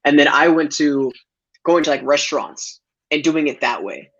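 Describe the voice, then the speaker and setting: A man's voice: on the high side, expressive, moderate pace, a bit bright. A man guest telling a casual story over a call, loose and filler-heavy, laughing often. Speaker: podcast guest. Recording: dull lo-fi audio.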